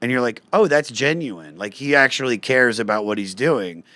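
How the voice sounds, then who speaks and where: A man tells stand-up stories in relaxed podcast chat, acting out other people's lines. His voice sits at a middle pitch. The recording is dry and close. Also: moderate pace, no room sound. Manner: animated storytelling, acts out quotes in a raised voice. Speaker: guest comedian.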